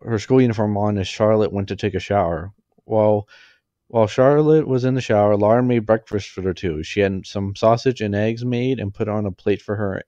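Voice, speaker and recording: A man reading a fan story aloud, halting and correcting himself as he goes. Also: fairly low pitch, mellow, dry recording, muffled recording. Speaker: fanfiction reader.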